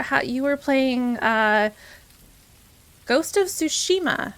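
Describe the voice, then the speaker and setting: A young woman with a high, animated voice chats cheerfully with viewers on her live variety stream, greeting them by name and laughing often. She talks at a slow pace, and her tone is a bit bright with no echo.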